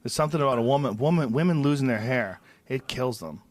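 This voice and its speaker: A man's voice: medium pitch, animated, fast talker, no echo. A man hosting a podcast in casual chat, reacting with short remarks and asides. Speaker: podcast host.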